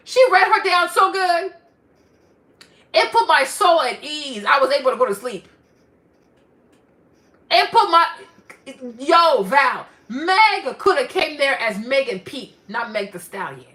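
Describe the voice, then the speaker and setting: A woman vlogger delivering a ranting commentary, animated and emphatic, repeating herself for effect. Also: sits high, takes it slowly, long pauses.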